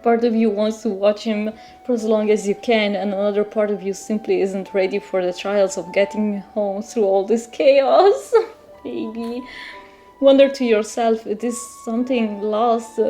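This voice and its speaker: A woman reading an interactive story game aloud, breaking off into animated, laughing reactions. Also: medium pitch, unhurried, faint music behind.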